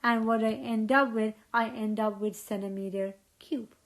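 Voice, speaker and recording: A woman's voice: a little high, steady tone, moderate pace. A woman teaching a chemistry lecture, asking questions and repeating key points for students. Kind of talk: recorded lecture.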